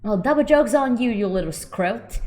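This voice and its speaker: A woman's voice: fairly high pitch, lively intonation, normal speed, a little mellow, soft background music, lightly acted. A woman voicing a scheming, crude green reptile woman who lays eggs. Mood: smug. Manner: sleazy, wheedling, crude.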